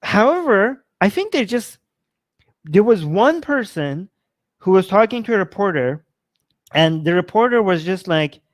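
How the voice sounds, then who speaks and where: A man's voice: high voice, big pitch swings, unhurried, no echo. A man hosting a show, talking casually to his audience in a rambling, conversational way and repeating his points. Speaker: show host. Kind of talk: casual commentary to a live audience.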